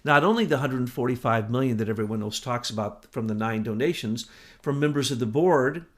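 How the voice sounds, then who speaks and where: A man giving impassioned political commentary as co-host, with loud, emphatic bursts that rise and fall. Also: mid-range voice, fairly quick.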